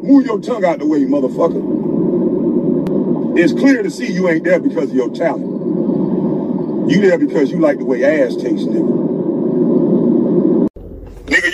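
A former basketball player ranting angrily, trading insults and mocking with profanity. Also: male voice, high voice, background noise. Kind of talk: angry profane rant.

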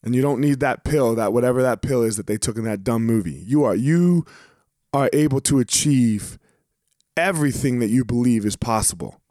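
A former fighter speaks straight to the camera in a loose, motivational monologue, cussing now and then and doubling up words to drive points home. His voice sits at an ordinary middle pitch. The sound is dry and close, with no room echo. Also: lively intonation, normal speed, mellow. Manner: casual, profane, repeats words for emphasis. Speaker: former professional fighter giving motivational talk.

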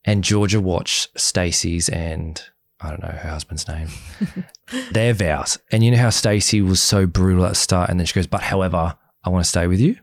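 A young man, a podcast guest, telling his story candidly and quickly, acting out the back-and-forth of past conversations. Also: low voice, creaky, dry recording. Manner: fast, animated retelling, acts out quoted exchanges. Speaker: podcast guest, former reality show groom.

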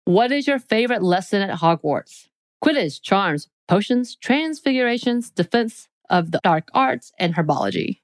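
A woman's voice: mid-range voice, sing-song, no room sound. A woman co-hosting a podcast, reading quiz questions aloud and joking along the way. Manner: playful, joking, reads options in quick lists. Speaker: podcast co-host.

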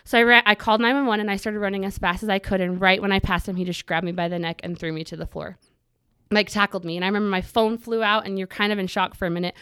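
A woman's voice: mid-range voice, fairly even intonation, fast, fairly bright tone, clean tone, no room sound. A woman guest on an interview podcast telling a personal story in detail. She acts out her own past thoughts and mixes earnestness with touches of humor.

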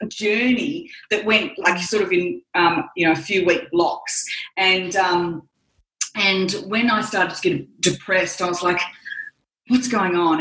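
A woman's voice: mid-range voice, a bit bright. Candid Australian woman in a roomy echo. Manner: candid, rambling, self-mocking, many fillers. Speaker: guest. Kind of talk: casual emotional interview chat.

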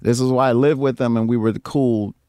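A man telling stories in a casual chat, swearing freely, laughing often and jumping into loud, high mimicry. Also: steady tone, fairly quick, smooth, dry recording, clean studio sound. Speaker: guest musician. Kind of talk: casual storytelling.

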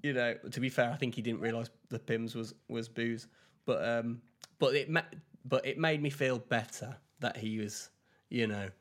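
A man's voice: mid-range voice, fairly even intonation, normal speed. A man, chatting casually as a podcast co-host, rambling with fillers and laughing at his own stories while getting over a flu. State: recovering from flu. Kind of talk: casual chat.

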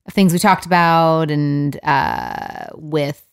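A woman's voice: sits low, wildly swooping pitch, takes it slowly, creaky, clean tone. A woman co-hosting a podcast, telling a personal story in a candid, rambling way. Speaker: podcast co-host. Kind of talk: casual chat.

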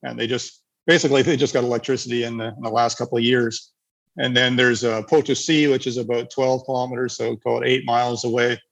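A man's voice: mid-range voice, level tone, fast talker, creaky, low-quality recording. A man from Canada answering questions casually in a webinar, rambling with many restarts. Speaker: eco village developer.

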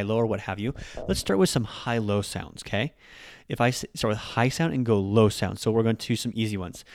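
A man hosting a podcast language lesson, patiently explaining and modeling Japanese words with exaggerated rises and falls in pitch. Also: no echo, clean studio sound. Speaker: podcast host and Japanese teacher.

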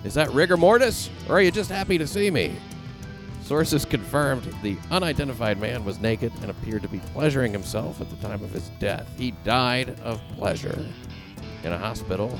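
A man hosting a comedic podcast chat, reading odd news with deadpan quips and asides. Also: mid-range voice, normal speed, over music. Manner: jokey, deadpan quips with lively intonation. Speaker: podcast host.

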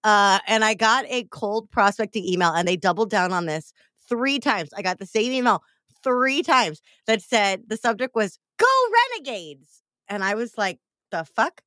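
A woman in her forties hosting a podcast, chatting casually and acting out quoted messages with animated storytelling. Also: mid-range voice, normal speed, no echo, clean studio sound. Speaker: podcast host. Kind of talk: casual chat.

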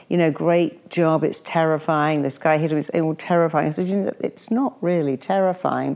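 A woman with a low voice and a gravelly, creaky edge speaks as a podcast guest. Her tone is dark and mellow as she chats and tells stories. She acts out the people she quotes with lively shifts. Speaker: guest, coach with clients. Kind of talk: conversational podcast storytelling.

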